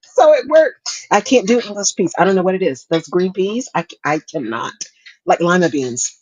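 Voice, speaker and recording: A woman's voice: fairly low pitch, lively intonation, a little fast, breathy edge, dry recording, rough recording. A woman co-hosting a talk show, chatting casually and laughing often as she talks. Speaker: podcast co-host. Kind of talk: casual chat.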